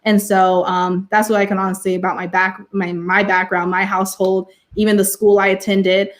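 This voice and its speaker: A woman's voice: mid-range voice, little pitch movement, fairly quick. A young adult woman from California, a teacher, speaking on a panel and sharing personal experiences earnestly and passionately, often saying "you know".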